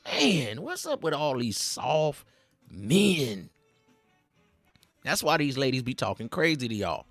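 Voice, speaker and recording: A man hosting a livestream, ranting in casual street slang, preachy and animated, with frequent repeats. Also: medium pitch, slow pace, pauses often, no echo, faint music behind. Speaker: livestream host.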